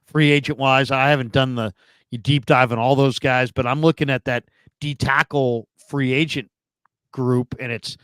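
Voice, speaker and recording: A man's voice: mid-range voice, steady tone, moderate pace, a bit bright, clear, resonant tone, no echo. A man on a sports talk show giving his opinions casually, thinking aloud with frequent restarts. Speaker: sports podcast panelist.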